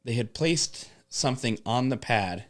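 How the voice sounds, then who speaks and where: A man in casual conversation, spinning animated job-site stories full of profanity. He talks at an ordinary pitch and mimics the people in his stories. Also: measured pace. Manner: animated, swears often, acts out coworkers. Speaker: podcast guest telling work stories.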